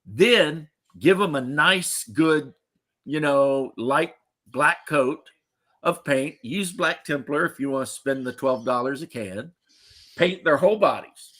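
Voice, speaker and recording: Hosting a livestream, a man from the United States chats casually in a somewhat high, bright voice, speaking slowly. He rambles, jokes around, and swears freely.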